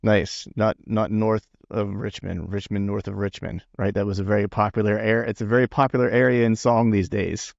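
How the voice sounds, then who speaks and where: A chatty male podcast host with a lowish voice who rambles and restarts his sentences. The sound is dry and a bit dull, like remote call audio. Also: steady tone, normal speed, gravelly, hardly any pauses, dry recording. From Pennsylvania. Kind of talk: casual interview chat.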